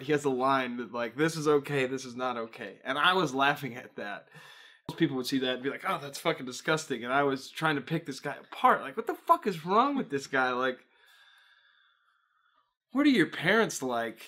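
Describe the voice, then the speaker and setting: A man's voice: medium pitch, pushed and bright. A male stand-up comedian in a documentary interview, telling rambling, profane stories.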